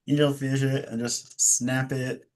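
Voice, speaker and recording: A man's voice: mid-range voice, flat delivery, measured pace, darkish tone. Offhand man in casual banter.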